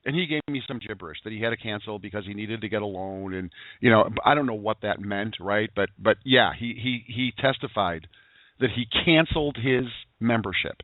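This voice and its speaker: A man hosting a daily internet radio show, talking in an energetic, preachy way full of rhetorical questions and "you know"s. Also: on the low side, brisk. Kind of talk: motivational call-in show talk. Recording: tinny phone-line sound, dry.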